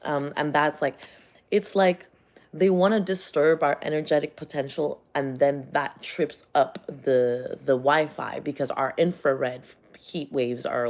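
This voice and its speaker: Woman vlogger, low voice, loose profane rambling, tarot reading. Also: a little hiss or hum. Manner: rambling, profane, animated storytelling. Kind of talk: casual chat.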